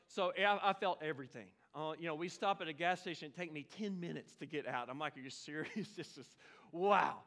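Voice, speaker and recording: High, bright-voiced pastor. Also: male voice, brisk. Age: 40s. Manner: humorous, self-deprecating, chatty with congregation. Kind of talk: sermon storytelling. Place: church sanctuary.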